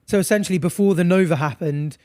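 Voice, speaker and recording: High-voiced joking British man. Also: fast talker, dark tone, no room sound. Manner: chatty, jokey, quotes internet memes. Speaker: podcast co-host. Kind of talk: casual chat.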